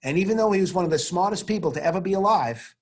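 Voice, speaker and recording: Male science teacher, theatrical lecture over video call, husky and a bit high. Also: very fast. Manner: animated, theatrical, rhetorical questions.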